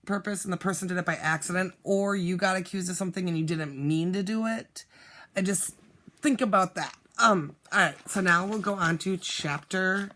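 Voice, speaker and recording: A teacher reading a novel aloud to a class, pausing to give reflective prompts with fillers. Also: medium pitch, fairly bright tone.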